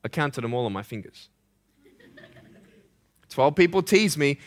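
A man's voice: a little high, animated, slow pace. A young man giving an earnest, emphatic motivational speech to students. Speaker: motivational speaker.

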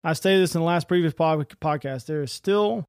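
A man's voice: a little high, normal speed, smooth, no room sound, clean studio sound. A man hosting his own podcast, giving blunt, heated, profane political commentary that rambles with restarts. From United States. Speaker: podcast host.

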